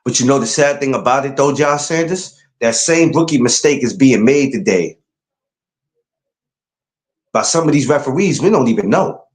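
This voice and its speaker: New dude ranting about boxing, voice jumps all over, roomy echo. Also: male voice, mid-range voice, moderate pace. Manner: animated, emphatic, rising to incredulous outbursts. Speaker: podcast host. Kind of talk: casual boxing talk.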